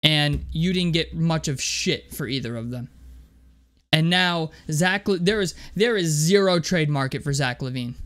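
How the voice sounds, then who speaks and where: A man's voice: fairly high pitch, animated, moderate pace, a bit bright. A young man delivering an angry, profane basketball rant, stumbling over and repeating his words as he vents. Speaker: sports commentator.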